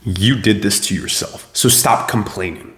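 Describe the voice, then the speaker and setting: A young man giving a blunt, profane motivational rant, preachy and forceful. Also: lowish voice, moderate pace, reverberant. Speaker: self-improvement video host.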